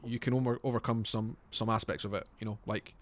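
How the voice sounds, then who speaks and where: A man's voice: fairly low pitch, little pitch movement. A Scottish man co-hosting a podcast, speaking casually in a stop-and-start manner. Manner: halting, stop-and-start phrasing. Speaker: podcast co-host. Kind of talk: casual chat.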